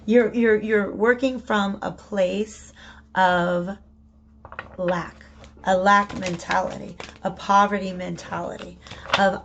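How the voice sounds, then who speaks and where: A woman's voice: medium pitch, steady tone, slow pace, background noise. A woman giving a casual spoken tarot reading, chatty and prone to repeating herself, often checking in with "okay?". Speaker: tarot reader.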